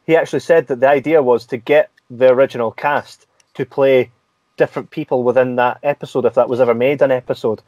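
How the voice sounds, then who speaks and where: A Scottish man hosting a casual podcast interview, chatty and quick to laugh, often restarting his sentences. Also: medium pitch, steady tone, a little mellow, no echo, muffled recording. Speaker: podcast host.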